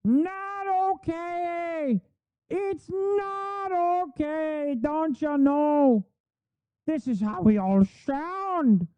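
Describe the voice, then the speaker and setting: A man putting on a mocking, exaggerated folksy Midwestern woman with a high, shrill caricature voice. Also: expressive, drawn-out words, dry recording, heavily acted. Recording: phone-like thin audio, dry.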